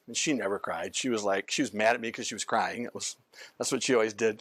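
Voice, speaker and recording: A man's voice: on the low side, quick pace, fairly bright tone, dry recording. An older male physician giving an informal training lecture, rambling through anecdotes and often breaking off to restart his sentences.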